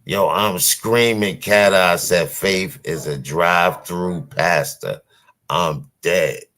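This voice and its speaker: A man reacting to a livestream clip, teasing and mocking the people in it and breaking into loud laughter. His voice is bright and forceful, pushing every line. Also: low voice, slow pace. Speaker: commentary channel host. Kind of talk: reaction commentary.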